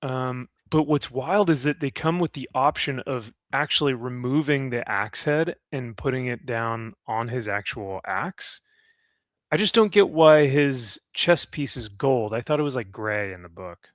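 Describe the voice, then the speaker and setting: A man's voice: mid-range voice, measured pace, no echo, studio quality. A man hosting a casual comic chat, rambling and upbeat, laughing often. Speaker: comic podcast host.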